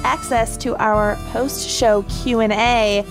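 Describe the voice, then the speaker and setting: A woman co-hosting a chatty podcast, giggly and animated as she banters with her friends. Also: a little high, slow, over music. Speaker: podcast co-host. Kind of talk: casual chat.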